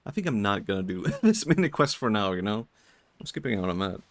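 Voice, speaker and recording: A man with a Swedish accent chatting in a low-key, monotone way while streaming a game. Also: brisk, no room sound. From Sweden. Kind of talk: casual gaming commentary.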